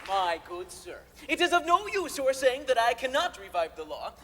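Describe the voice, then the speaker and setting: Male actor as a brash, declamatory claimant; lively pitch, live-stage reverb and noise. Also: normal speed, a loud crowd. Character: bold upstart claimant to a dukedom, brash and cocky. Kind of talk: comic opera stage dialogue.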